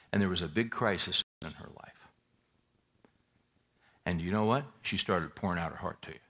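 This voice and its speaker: A man preaching a sermon, lively and folksy, full of rhetorical questions and asides. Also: mid-range voice. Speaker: pastor.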